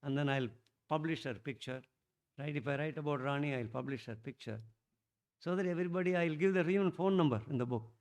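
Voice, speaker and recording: Animated man telling a devotional story. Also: on the high side, a little fast. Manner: animated, rambling, with restarts and sudden loud bursts. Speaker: satsang speaker.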